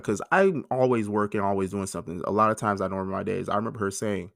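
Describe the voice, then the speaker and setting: A man's voice: lowish voice, very fast, vocal fry, few pauses, a bit bright, no echo, clean studio sound. A man in his thirties hosting a personal monologue, talking in an emotional, frank way and swearing freely. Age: 30s. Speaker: podcast host.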